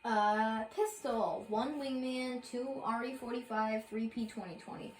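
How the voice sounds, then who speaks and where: A woman's voice: fairly high pitch, fairly even intonation, unhurried, roomy sound, slight background noise, rough recording. Rambling young woman reading patch notes. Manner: rambling, filler-heavy, self-correcting. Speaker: gaming video creator.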